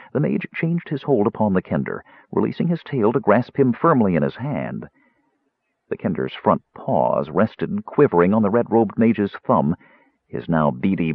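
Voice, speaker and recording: A man narrating a fantasy story in a lively, expressive reading style, on a tinny, dry recording. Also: low voice, breathy edge, dry recording. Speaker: audiobook narrator.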